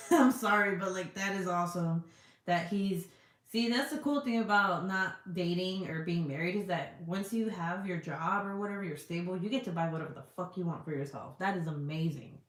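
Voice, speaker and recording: A middle-aged woman talks in a low-set voice, reading out viewer comments in loose, rambling chat. She leans on "like" and swears freely. The room gives her voice a noticeable echo. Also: brisk. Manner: chatty, swears freely, lots of "like" fillers. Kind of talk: casual chat. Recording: echoey room.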